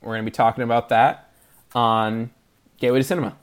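A man's voice: mid-range voice, level tone, fast talker, smooth. A man co-hosting a podcast, chatting casually about movies, laughing often and making fun of himself. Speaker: podcast co-host. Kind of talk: casual movie-review chat.

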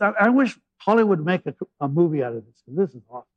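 A male pastor preaching a sermon, retelling scripture in lively, humorous paraphrase. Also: high voice, racing, hardly any pauses, dry recording, muffled recording.

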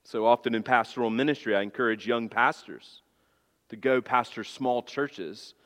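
A man preaching a sermon as pastor, emphatic, swinging between hushed low passages and loud high appeals. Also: moderate pace, big-room sound.

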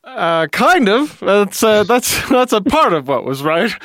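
A man narrating a comic holiday tale in a mock-solemn voice that stumbles now and then. His voice is on the high side and lively, and the sound is dry and close. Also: no room sound. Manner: mock-solemn, halting, chuckling.

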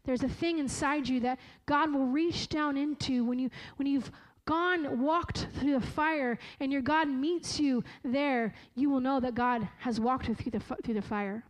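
A woman preacher giving a sermon in an earnest, slow and emphatic way, often correcting herself mid-phrase. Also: high-pitched, rough recording.

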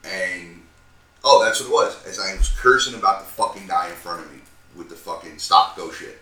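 A man in his thirties, a podcast co-host, telling a profane, animated story with acted-out quotes. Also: low-pitched, moderate pace, distant mic. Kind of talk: casual storytelling chat. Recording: roomy sound, a bit off-mic.

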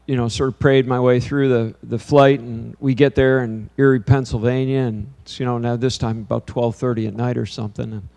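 A man in his fifties, a pastor preaching to a congregation, telling a lively story, then turning quiet and earnest. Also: mid-range voice, brisk, gravelly, few pauses. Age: 50s. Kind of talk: sermon with storytelling. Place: church before a congregation.

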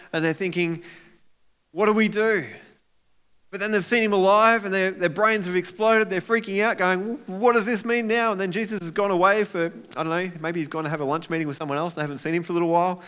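A man preaching a sermon as pastor, animated and acting out voices of people in the story. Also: high voice, clean tone.

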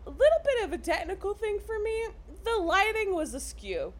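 A woman's voice: very high voice, sing-song, moderate pace. A woman co-hosting a casual film recap, swearing freely and acting out quotes as she talks.

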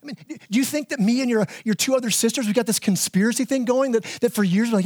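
A middle-aged man preaching a sermon as pastor, animated, often repeating words as he builds a point. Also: quick pace, few pauses, no echo, clean studio sound. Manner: animated, repeats words, acts out his kids in a high voice.

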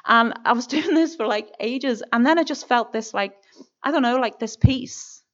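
Northern irish woman telling her testimony, earnest and halting, bit high voice, dull lo-fi sound. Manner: earnest, emotional, halting with many restarts. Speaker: church member giving testimony. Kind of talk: personal testimony. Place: church.

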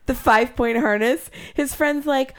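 A woman co-host tells a news story in loose, profane banter. Her voice sits a little high, and she slips into quick impressions of other people as she goes. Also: clear, resonant tone. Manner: storytelling, profane, acts out quotes. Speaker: podcast co-host, news segment. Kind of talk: casual chat.

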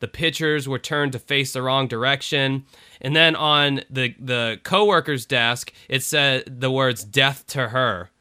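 A man from the American South trades opinions on a casual podcast, cursing freely. His voice is bright and forceful. He talks with lively animation and now and then slips into a mocking drawl. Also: mid-range voice, measured pace, clear, resonant tone. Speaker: podcast co-host. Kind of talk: casual chat.

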